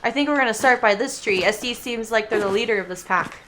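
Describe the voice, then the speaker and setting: A woman's voice: fairly high pitch, fast talker, a bit bright, slight background noise. A woman streaming a game, chatting casually with viewers, giggly and chatty, who coos baby talk at her cat. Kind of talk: casual gaming livestream chat.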